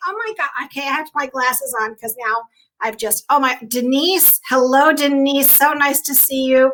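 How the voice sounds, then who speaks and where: An excitable woman hosting a casual live stream, talking into a computer mic on a video call. Her voice sits high and sounds bright and sharp. She greets viewers by name and gets emotional along the way. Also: moderate pace. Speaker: host of a live online show.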